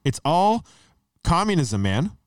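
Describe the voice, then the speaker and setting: A man's voice: a little high, very animated, takes it slowly, dry recording. Heated, swearing man in casual chat. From Canada. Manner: profane, heated and emphatic, says dude and man a lot. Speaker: podcast co-host.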